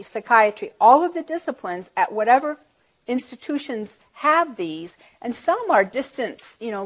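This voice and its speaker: A woman presenting on health professions education in a halting way, with frequent fillers. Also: mid-range voice. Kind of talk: academic presentation.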